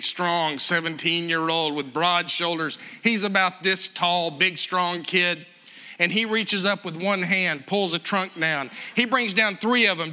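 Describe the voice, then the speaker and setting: A man telling a story in a sermon, animated and chuckling as he acts out the other people. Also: high-pitched.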